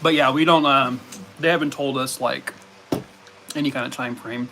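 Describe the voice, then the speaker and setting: A man's voice: mid-range voice, steady tone, normal speed, long pauses, pushed and bright, a little hiss or hum. A man chatting casually with viewers on his live stream, reading comments and answering questions. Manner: chatty, talks to his pets in a cooing voice.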